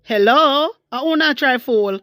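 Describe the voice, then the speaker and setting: Jamaican woman, vlogger rant, high-ish, animated and scornful, dry sound. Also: measured pace, no room sound. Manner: animated, scornful, mixing patois and English. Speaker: commentary vlogger. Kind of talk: political commentary rant.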